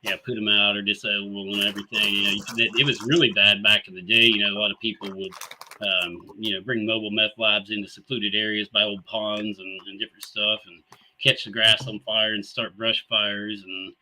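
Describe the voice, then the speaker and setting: A man's voice: on the low side, level tone, brisk, pushed and bright, a little hiss or hum, rough recording. A man, hosting a casual live talk show and telling stories in an easygoing, rambling way full of fillers and chuckles. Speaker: show host.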